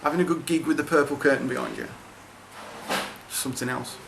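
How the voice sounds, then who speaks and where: Hesitant reflective comedian. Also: male voice, medium pitch, fairly quick, vocal fry, a crowd in the background, rough recording. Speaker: comedian interviewee. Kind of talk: reflective interview.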